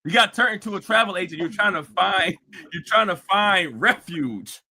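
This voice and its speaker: A man hosting a live stream, mocking a clip with fast, laughing rants. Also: high voice, lively intonation, pushed and bright. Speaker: host.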